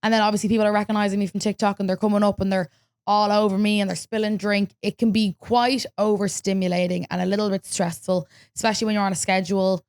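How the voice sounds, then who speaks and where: A young Irish woman hosting a podcast, telling a story in casual chat, lively and swearing freely as she acts out what people said. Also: medium pitch, fast talker, clean tone. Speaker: podcast host.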